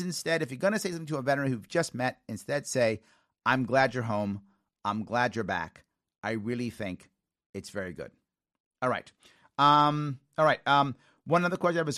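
An American man in his forties hosting a talk show, telling stories in an animated way, acting out quoted lines and giggling now and then. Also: fairly high pitch, no echo, clean studio sound. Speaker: radio talk show host. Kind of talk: casual talk show monologue.

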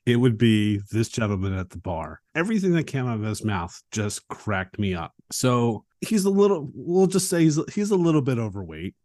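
A man co-hosting a film podcast, retelling a scene in an animated way with chuckles. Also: mid-range voice, dry recording, clean studio sound. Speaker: podcast co-host. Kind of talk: casual film discussion.

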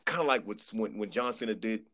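A man chatting on a podcast, telling an animated story, acting out quotes and repeating words as he goes. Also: lowish voice, a little fast. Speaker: podcast guest. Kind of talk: casual chat.

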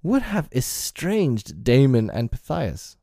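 A man reading aloud, voicing a hearty, boisterous older gentleman doctor in a storybook reading. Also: medium pitch, big pitch swings, measured pace, dry recording, studio quality, pitched above the performer's own voice. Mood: hearty, blustering. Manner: boisterous, theatrical geniality.

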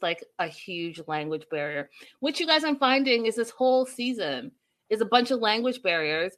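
Chatty woman recapping a show live. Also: medium pitch. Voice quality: chatty, animated storytelling with quoted voices. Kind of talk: casual recap chat with viewers.

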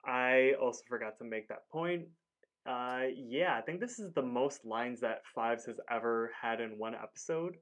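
A man's voice: mid-range voice, moderate pace, fairly bright tone. A man co-hosting a podcast, chatting casually through a cartoon episode recap, rambling with lots of "like" and acting out the characters' lines. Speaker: podcast co-host.

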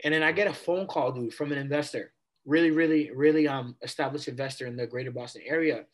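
A man in his twenties, a podcast guest, telling a story in a casual, animated way and replaying conversations with casual slang. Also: mid-range voice, fast talker. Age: 20s.

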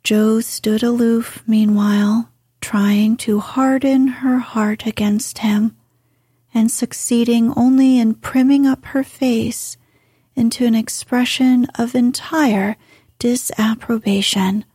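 A woman narrates a classic story in a whispered role-play, slow and deliberate. Her voice is breathy and dark-toned, sitting a little high, and the recording is close and dry. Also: steady tone, dry recording. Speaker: audiobook reader.

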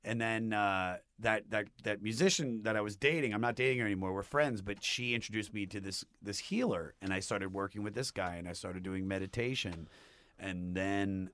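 A man telling a personal story in a casual chat, rambling and animated, with many restarts. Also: on the low side, normal speed, dry recording. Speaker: podcast guest.

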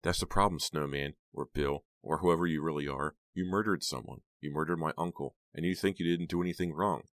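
A man's voice: very deep voice, a little fast, few pauses, dry recording, clean studio sound. A man voicing an upset, frightened teenage girl in an audiobook reading, pleading and crying out. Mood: angry whisper. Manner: pleading, upset, rising to cries. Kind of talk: audiobook character voice.

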